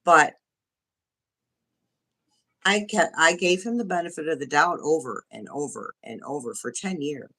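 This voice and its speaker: A woman's voice: low voice, expressive, a little slow, pauses often, sharp tone. A woman joining a casual livestream chat by video call, speaking frankly and openly with frequent restarts. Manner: candid, frank, restarts often. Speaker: guest.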